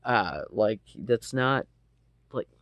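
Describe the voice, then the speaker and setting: A man's voice: lowish voice, lively intonation, drawn-out words, fairly bright tone, dry recording. A man telling a personal story casually, rambling with lots of fillers and frequent swearing. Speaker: storytelling vlogger.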